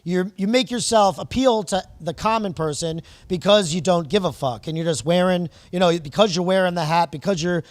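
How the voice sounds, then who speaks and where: A man hosting a podcast, asking questions in a rambling, halting, enthusiastic way. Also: high voice, dry recording. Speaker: podcast host. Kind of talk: casual podcast interview.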